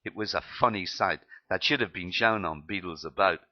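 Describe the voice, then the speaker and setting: Deep-voiced man reading his memoir aloud, plain delivery, lo-fi sound. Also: normal speed. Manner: plain reading with slips and restarts. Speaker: narrator.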